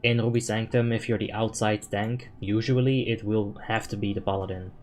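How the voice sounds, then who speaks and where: A man streaming a game live, answering chat questions in a relaxed, talkative way and swearing now and then when a play goes wrong. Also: lowish voice, normal speed, slight background noise. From Netherlands. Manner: relaxed, chatty, thinks out loud, swears when frustrated.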